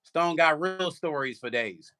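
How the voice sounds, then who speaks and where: An older man hosting a vlog, telling a story straight to his viewers in an animated, profane way. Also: on the high side, measured pace. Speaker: vlog host. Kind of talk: casual livestream storytelling.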